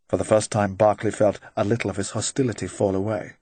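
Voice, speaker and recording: A man narrating a crime novel in a measured, even reading. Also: fairly low pitch, husky, no echo. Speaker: audiobook narrator. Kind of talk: scripted narration.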